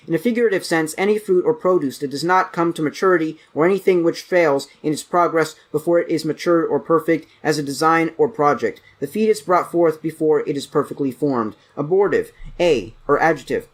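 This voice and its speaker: A man reading dictionary entries aloud at a brisk pace, stumbling now and then and correcting himself. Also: on the high side. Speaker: channel host reading aloud.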